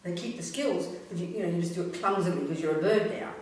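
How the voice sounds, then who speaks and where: A woman's voice: on the low side, quick pace, darkish tone. A Buddhist nun teaches in a blunt, earthy, emphatic manner. Her voice rings around a very echoey hall and is picked up from a distance, with faint noise underneath.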